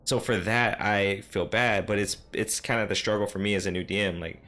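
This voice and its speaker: Deep-voiced man rambling through a game recap. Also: fairly even intonation, brisk, pushed and bright. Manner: rambling and self-deprecating, many fillers and restarts. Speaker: dungeon master recapping his game. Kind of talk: casual solo recap talk. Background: faint synth music.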